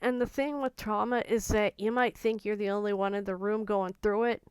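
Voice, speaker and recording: A woman vlogger talking in an earnest, gentle and confiding way about her own feelings. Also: mid-range voice, fairly even intonation, moderate pace, clean tone, no echo. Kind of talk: personal reflective talk to camera.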